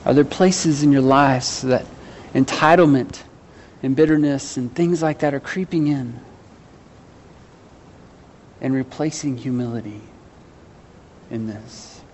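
A man's voice: medium pitch, takes it slowly, long pauses, darkish tone, slight background noise. A man preaching a sermon, earnestly putting questions to his congregation with some self-deprecating humor. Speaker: pastor.

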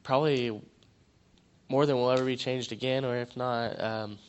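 Male, church testimony, smooth resonant voice, nervous and halting. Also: mid-range voice, steady tone, highs cut off. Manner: halting, with many fillers and restarts. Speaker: church member giving a testimony.

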